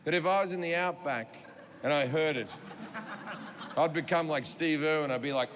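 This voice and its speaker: A man's voice: a little high, normal speed, pauses often. An Australian man on a comedy stage, telling a rambling, profane story to a live audience and acting out the quotes. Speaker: stand-up comedian. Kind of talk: stand-up storytelling. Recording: reverberant live venue with audience noise.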